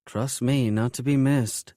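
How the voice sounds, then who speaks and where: A man's voice: medium pitch, steady tone, unhurried, dark tone, no echo, studio quality, pitched above the performer's own voice, natural voice. A man voicing a pushy, teasing woman with a sly manner.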